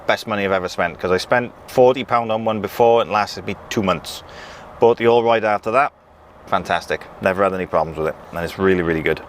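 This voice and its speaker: A man's voice: low voice, a little fast. A man in casual chat from his truck, reading out viewer comments with lots of ums and restarts. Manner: relaxed, chatty, many ums and restarts. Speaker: truck driver vlogger. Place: in and around a truck. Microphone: action camera with pocket mic. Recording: faint outdoor vehicle noise.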